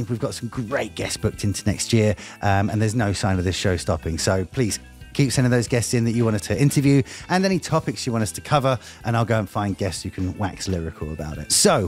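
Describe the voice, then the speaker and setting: A man hosting a live online talk show, rambling jokily and teasing himself as he introduces his guest. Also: medium pitch. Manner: jokey, rambling, self-mocking. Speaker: host.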